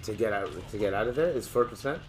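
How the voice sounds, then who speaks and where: A man casually commentating his gameplay, excitable and joking, with loud profane outbursts. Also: on the low side, fast, slight background noise. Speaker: gamer and channel host.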